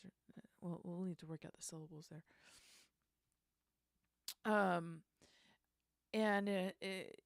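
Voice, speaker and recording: A woman's voice: lowish voice, steady tone, takes it slowly, gravelly, long pauses, no echo. A woman hosting a casual songwriting session, thinking aloud and trying out lyric lines under her breath.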